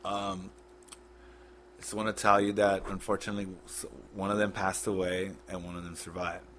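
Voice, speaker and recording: A man on a podcast, retelling a painful memory in a blunt, halting, profane way. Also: low-pitched, little pitch movement, fairly bright tone, slight background noise. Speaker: podcast guest. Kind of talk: casual storytelling.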